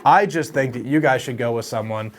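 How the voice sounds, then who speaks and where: A man's voice: mid-range voice, a little fast. A young man hosting a casual advice vlog on real estate wholesaling, talking to camera in a friendly, storytelling way. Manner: friendly, storytelling, animated with laughs.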